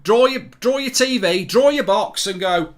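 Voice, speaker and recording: A middle-aged man hosting a live football watchalong, ranting excitably and repeating himself as the match unfolds. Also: sits high, moderate pace.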